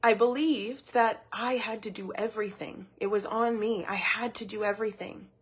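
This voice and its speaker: A woman's voice: medium pitch, steady tone, normal speed, husky. A woman giving a motivational teaching talk as a wellness coach, earnest and personal, often repeating words as she thinks.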